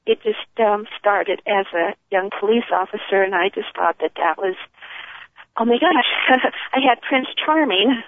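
An older woman, an author, telling her life story in an interview, animated and often laughing as she acts out the people in it. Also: medium pitch, unhurried, dry recording. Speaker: author and guest. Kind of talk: emotional personal storytelling. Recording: tinny phone line.

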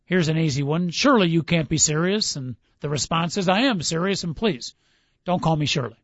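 A man's voice: on the high side, expressive, fairly quick, no room sound. A man hosting a casual sports talk radio show, quizzing his co-host on movie lines and reading them aloud. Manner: upbeat quizzing, reads lines aloud, laughs easily. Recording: dull dry studio sound.

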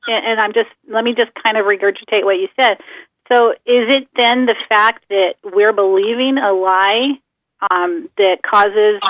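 A woman's voice: medium pitch, dry recording. A woman calling into a radio show, asking hesitant, searching questions. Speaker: caller. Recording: tinny phone line.

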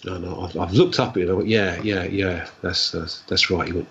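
A man, a guest telling stories in a rambling, animated way and acting out the dialogue. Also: sits low, brisk, gravelly, a little hiss or hum. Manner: rambling, animated storyteller who acts out dialogue. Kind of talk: casual storytelling. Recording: dull lo-fi recording.

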